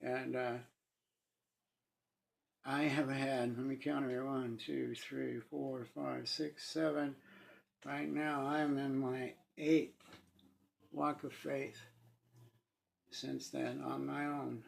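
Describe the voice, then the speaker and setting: Gravelly middle-aged man, earnest testimony. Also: mid-range voice, little pitch movement. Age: 50s. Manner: earnest, halting, with restarts and pauses. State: moved to tears at times. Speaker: sharing a personal testimony. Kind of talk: emotional first-person testimony.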